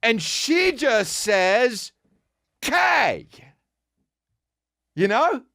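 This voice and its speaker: Animated, high-voiced man ranting. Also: moderate pace, no room sound, clean studio sound. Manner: sarcastic, swearing, mocking impressions. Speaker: podcast host. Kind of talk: comedic rant.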